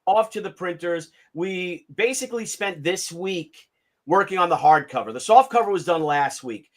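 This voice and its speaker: A man in his fifties hosting a casual livestream, ranting in an animated, sarcastic and profane way. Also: high voice, normal speed. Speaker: comic artist hosting a livestream.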